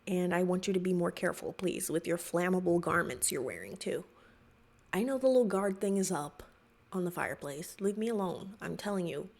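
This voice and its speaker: A woman's voice: lowish voice, animated, fairly quick, gravelly, a little mellow. A woman hosting a reaction video, talking back to the clip with exasperated, sarcastic commentary.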